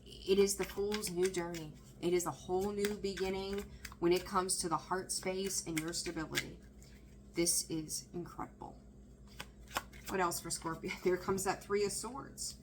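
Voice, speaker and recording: An excitable woman talks through a tarot reading in a loose, chatty way, often breaking off mid-thought and laughing. Her voice sits at an ordinary middle pitch. A faint hiss of background noise runs under her. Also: unhurried. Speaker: tarot reader. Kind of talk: casual tarot reading to camera.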